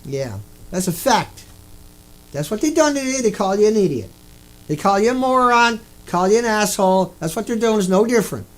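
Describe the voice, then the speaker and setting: Man, high voice, angry rant, repetitive, swearing, video blogger. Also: expressive, normal speed. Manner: ranting, repetitive, swears often.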